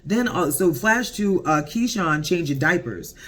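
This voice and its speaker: A man giving a casual, profane episode recap, animated and laughing often. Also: fairly high pitch, a little slow. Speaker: TV show reviewer.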